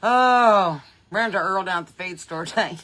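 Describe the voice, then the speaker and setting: A woman with a Southern American accent hosting a podcast, chatting folksy and loose from her porch into a phone, laughing often and swinging between loud and soft. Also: mid-range voice, moderate pace, a little hiss or hum. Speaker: podcast host. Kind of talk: casual livestream chat. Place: outdoors on a porch. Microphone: phone on a holder.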